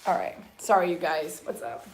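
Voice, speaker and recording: A woman's voice: fairly low pitch, moderate pace, recorded from a distance, a little hiss or hum. A woman dog groomer at work, talking a client through the grooming and coaxing the dog in a chatty way. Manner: chatty, coaxing the dog and explaining as she works. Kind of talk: explaining a grooming to a client on camera. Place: grooming salon. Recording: very echoey room, voice from off mic.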